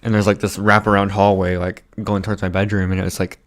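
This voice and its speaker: A young man with a low voice speaks in loose, casual podcast chat. He rambles through stories, leaning on "like" and dropping casual swears. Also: little pitch movement, fast talker. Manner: rambling storytelling, heavy filler "like", swears casually. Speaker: podcast co-host.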